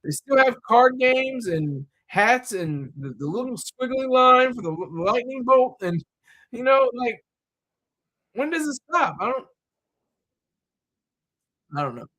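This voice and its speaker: A man's voice: very high-pitched, very animated, takes it slowly, pauses often, sharp tone. A man talking in a loose, rambling monologue, full of fillers, repeated words and restarts.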